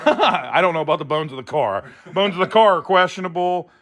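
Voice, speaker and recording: An Ohio car builder hosts his car vlog from an outdoor car lot, chatting casually to camera, joking, laughing often, and swearing freely. His voice is slightly high and a bit bright, fairly quick, with lively intonation.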